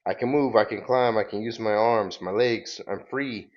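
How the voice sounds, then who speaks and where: A man's voice: fairly low pitch, normal speed, dull audio, close to an everyday voice. A man voicing a grandiose, menacing male robot villain while reading a comic book aloud.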